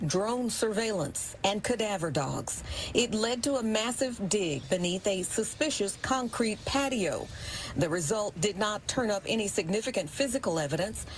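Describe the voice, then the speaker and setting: A woman news reporter delivering a scripted report in a measured, formal way. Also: medium pitch, a little hiss or hum.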